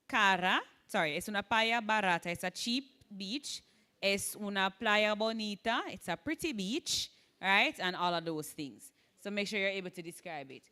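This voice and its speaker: A woman with a Jamaican accent giving an exam-prep Spanish lecture, often checking in with "right?" and sounding out Spanish words slowly. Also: mid-range voice, pushed and bright. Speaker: Spanish teacher.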